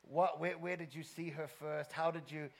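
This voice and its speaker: In a church auditorium, a pastor hosts an interview on stage, enthusiastically rallying the congregation through a handheld mic. His voice is fairly high, with a steady tone at normal speed.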